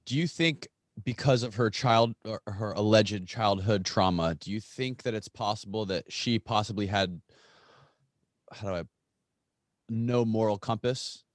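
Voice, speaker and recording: A man's voice: on the low side, a little slow, no echo, clean studio sound. A man hosting a podcast, asking casual questions with the odd joke. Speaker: podcast host. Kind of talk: casual interview.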